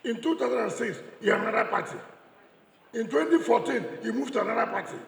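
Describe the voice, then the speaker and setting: With a very high voice, lively intonation, and a quick pace, this Nigerian English speaker, a man, uses vocal fry and a slightly bright tone. He gives a combative political speech, ridiculing opponents and repeating lines for emphasis, and the large church hall echoes with long reverb.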